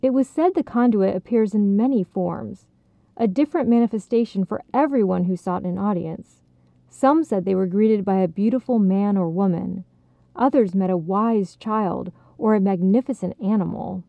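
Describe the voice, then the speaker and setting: A woman in calm storybook narration, soft and unhurried, over a dry, tinny phone-like sound. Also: medium pitch, vocal fry, dry recording.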